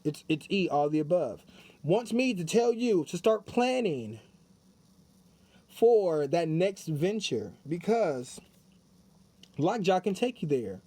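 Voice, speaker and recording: High-voiced man giving a chatty tarot reading. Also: sing-song, slow pace, long pauses, mellow, dry recording. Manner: chatty, repeats himself, talks straight to viewers. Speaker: tarot reader. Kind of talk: casual spiritual card reading.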